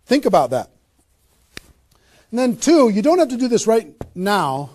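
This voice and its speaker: A man giving an energetic motivational training talk to a small live audience, pressing home his points with emphatic rhetorical questions. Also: high-pitched, a little slow, pauses often. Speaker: network marketing trainer.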